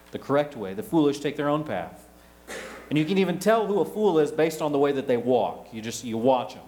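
A man, preaching a sermon, rising to loud emphasis and dropping to quiet asides. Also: medium pitch, low-quality recording. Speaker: pastor.

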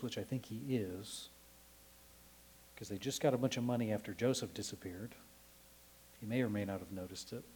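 A man's voice: mid-range voice, darkish tone, rough recording. A man preaching through a Bible passage in a conversational way, with frequent fillers and self-corrections. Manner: conversational, with many fillers and restarts.

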